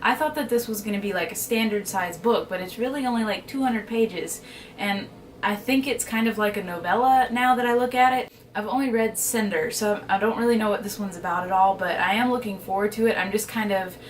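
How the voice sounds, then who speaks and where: A woman's voice: mid-range voice, a little fast. Chatty woman book vlogger, slightly distant. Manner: chatty, unsure of titles, gushing about favorites. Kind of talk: casual book haul chat.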